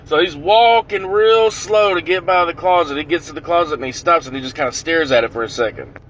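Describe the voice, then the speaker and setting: Bright-voiced man telling a profane prank story. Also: fairly high pitch, fairly quick, lo-fi sound, a little hiss or hum. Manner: animated, profane, punchy storytelling.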